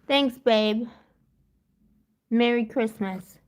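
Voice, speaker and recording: A woman with a fairly high voice hosts a live tarot stream in loose, chatty talk. She wanders from topic to topic, leans hard on "like" and "you know," and laughs often. She talks into her device's built-in mic. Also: very slow. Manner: rambling and giggly, jumps between topics; heavy use of "like" and "you know". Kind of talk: casual live-stream chat. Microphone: built-in device mic, no separate mic.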